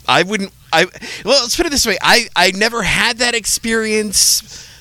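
A man's voice: high-pitched, moderate pace, pushed and bright, dry recording. A man hosting a casual chat who tells funny stories and laughs often. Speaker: podcast co-host.

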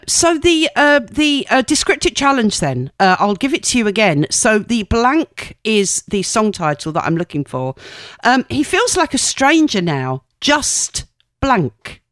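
A woman's voice: on the high side, a bit bright, no echo, clean studio sound. A woman presenting on the radio in a chatty, rambling way, correcting herself and laughing at her own slips.

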